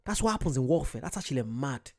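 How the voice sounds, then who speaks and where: A man's voice: mid-range voice, big pitch swings, fast, gravelly, darkish tone. A British man hosting a reaction video, thinking aloud in a casual, hesitant way with many restarts. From Britain. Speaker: reaction channel host.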